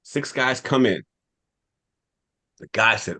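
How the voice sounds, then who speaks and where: A man on a podcast telling a long personal story in casual talk, animated, repeating phrases for emphasis. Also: on the low side, moderate pace. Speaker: podcast cast member.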